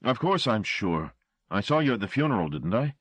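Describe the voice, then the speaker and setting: A man's voice: lowish voice, sing-song, fairly quick, a bit bright, slightly rough, no echo, pitched above the performer's own voice, full character voice. A man reading an audiobook voices a frightened male chauffeur who blusters and pleads.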